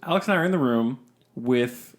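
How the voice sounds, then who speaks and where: A casual podcast co-host who reads listener ghost stories aloud with hesitant restarts and little asides between lines. His voice sits at an ordinary middle pitch, and his manner is relaxed and conversational. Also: fairly quick. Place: podcast recording session with co-hosts.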